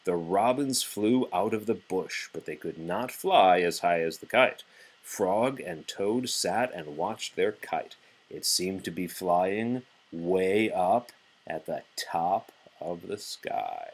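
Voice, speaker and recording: Man reading a kids book aloud to a little one, low husky voice, takes it slow. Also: lively intonation, rough recording. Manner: gentle, encouraging, pauses for a child to fill in words. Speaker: reader reading a children's book aloud to a child. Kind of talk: bedtime read-aloud.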